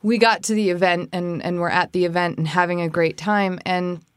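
A woman's voice: normal speed, clear, resonant tone, dry recording, clean studio sound. A woman co-hosting a podcast, casually telling a personal story and acting out what people said. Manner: animated, acts out quoted speech in a higher voice. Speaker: podcast co-host giving etiquette advice.

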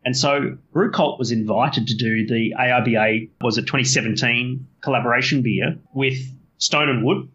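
A man's voice: medium pitch, normal speed, few pauses, a bit bright, muffled recording. An Australian man telling his story as a podcast guest, rambling, swearing and correcting himself often. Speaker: guest brewer.

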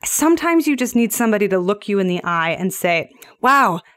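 A woman in her thirties hosts a reflective solo podcast, speaking gently and earnestly at a measured pace. Her voice sits at an ordinary pitch for a woman. The sound is close and dry, with no room echo. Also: sing-song. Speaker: podcast host.

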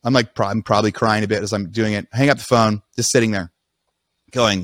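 A man's voice: lowish voice, fairly even intonation, brisk, fairly bright tone, no echo, clean studio sound. A man hosting a podcast, telling his own story in a casual, rambling way with frequent restarts. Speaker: podcast host.

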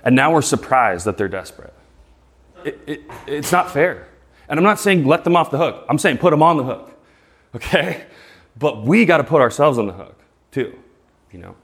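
A man in his thirties presents live to an audience, speaking emphatically and rhetorically, constantly asking "right?" and tripping over repeated words when excited. His voice is a little high and husky, with a moderate pace and long pauses.

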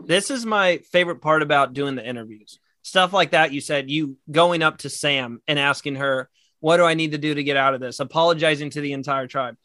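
A man's voice: fairly high pitch, a little fast, sharp tone, no echo. An American man hosting a podcast interview, enthusiastic and asking long multi-part questions. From United States. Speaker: podcast host. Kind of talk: casual interview.

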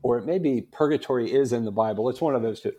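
Animated man telling a joke. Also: medium pitch, fast talker. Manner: lively joke-telling, animated, laughs often. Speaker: guest apologist. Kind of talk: casual storytelling interview.

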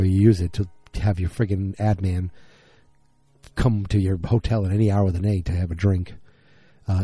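Deep, dark-voiced man recapping casually. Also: slightly rough, no echo. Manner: rambling, conversational, acts out characters' lines. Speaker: episode recap podcaster.

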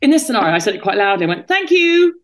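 A woman's voice: medium pitch, expressive, racing. English woman, podcast guest, frank and self-mocking chat, mid-range voice. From England. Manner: candid, self-deprecating, laughs at herself.

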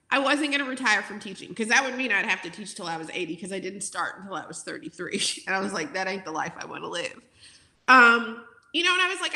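An outspoken former teacher in her forties speaks with feeling and plenty of fillers. Her voice is bright and a little high. The room around her is echoey. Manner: outspoken, emotional, many fillers. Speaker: guest, former teacher turned content creator. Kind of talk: emotional interview talk.

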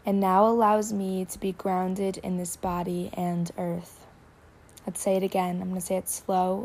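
A woman guiding a meditation, speaking slowly and softly, often slipping into a whisper. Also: mid-range voice. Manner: slow, soft-spoken, drifting into whispers; warm spiritual affirmations. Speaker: meditation guide. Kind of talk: guided meditation.

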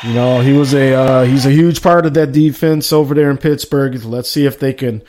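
Guy running his own sports podcast, rattling off a roster and chatting in between, average pitch. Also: fairly even intonation, normal speed, darkish tone, a little hiss or hum. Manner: reads out a list with running asides. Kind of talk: casual live sports talk.

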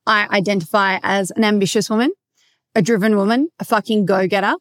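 Brief: Australian woman, podcast host, loud and brash, heavy swearing, lively storyteller, close dry sound. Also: medium pitch, a little fast, no room sound. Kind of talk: casual solo podcast monologue.

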